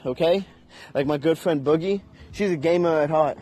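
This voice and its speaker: Heated, profane man with a husky voice. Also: a little high, fast, dark tone, soft background music. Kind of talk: unscripted rant.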